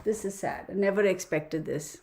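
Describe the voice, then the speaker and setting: A woman's voice: mid-range voice, moderate pace, darkish tone. A woman hosts a casual tarot livestream and talks straight to her viewers. She sighs often and mutters her counting under her breath. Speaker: tarot reader livestream host.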